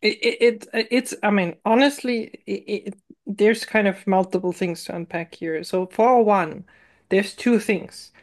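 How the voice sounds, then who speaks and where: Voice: mid-range voice, unhurried. A co-host on a casual tech stream who laughs often and lays out points step by step. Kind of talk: casual podcast chat.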